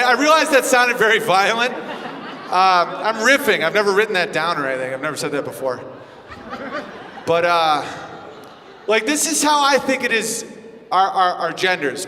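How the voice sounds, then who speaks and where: Brash high-voiced man doing stand-up. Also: background noise. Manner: brash, profane, acts out quick voices. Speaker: stand-up comedian. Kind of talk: stand-up comedy set. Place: comedy venue with live audience. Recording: long reverb of a hall.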